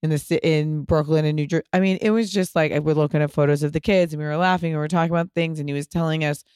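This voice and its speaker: Podcast host: woman in her 30s, smooth clear voice, dry close mic, animated, casual swearing. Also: low voice, rapid-fire, no echo. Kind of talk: casual chat.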